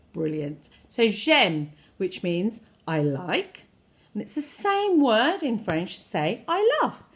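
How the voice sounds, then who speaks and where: Lively woman teaching French. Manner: encouraging, repeats phrases for the listener to echo; very animated pitch, plays with intonation. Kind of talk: children's language lesson.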